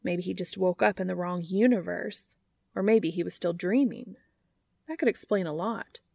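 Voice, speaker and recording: A woman's voice: lowish voice, normal speed, gravelly, darkish tone, no room sound. A woman narrating fan fiction aloud in a wry, dry storytelling manner.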